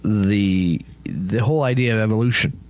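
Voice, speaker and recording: A man co-hosting a comedy show, casually rambling through a made-up movie pitch, laughing and swearing as he acts out the dialogue. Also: normal speed. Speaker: podcast co-host pitching a movie.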